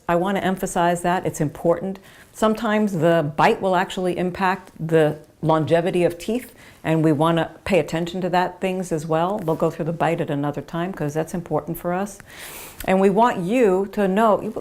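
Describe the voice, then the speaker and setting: A woman's voice: fairly low pitch, fairly quick, a little mellow. A woman dentist explaining gum care to patients in an earnest, emphatic way, using homely images to repeat her points. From United States.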